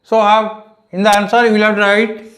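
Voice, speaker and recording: A man's voice: high-pitched, completely flat delivery, a little fast, a bit bright. A male teacher with an Odia accent, giving a grammar lesson to pupils, repeating key phrases and asking them questions. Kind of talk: slow classroom grammar lesson. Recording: echoey room.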